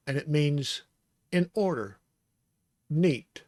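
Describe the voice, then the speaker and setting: A man teaching Hebrew letters in an unhurried, meandering way, drawing out each syllable as he sounds it out. He chuckles between points and speaks at an easy middle pitch. The recording is close and dry, with no room sound. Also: expressive, darkish tone, dry recording. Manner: slow and rambling, with fillers, chuckles and sounded-out syllables. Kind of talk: casual lesson.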